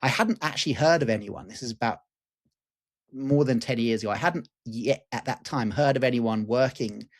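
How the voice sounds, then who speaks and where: A man in his forties, a guest teacher, telling a personal story in an animated, candid way with casual swearing and fillers. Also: medium pitch, normal speed. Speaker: guest, lucid dreaming teacher.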